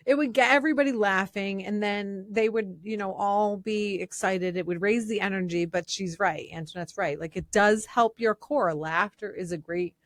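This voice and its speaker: A woman with a Massachusetts accent co-hosting a casual podcast, wry and teasing with quick jokes. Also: mid-range voice, no echo, clean studio sound. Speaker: podcast co-host. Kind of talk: casual chat.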